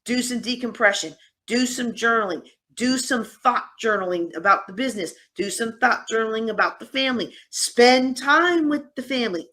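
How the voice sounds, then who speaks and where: A woman speaks to a live conference audience, her voice sitting a little high. She coaches in a lively, teasing way and leans into sarcasm to make her points. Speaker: host and workshop speaker. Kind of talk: live conference workshop talk. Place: conference room.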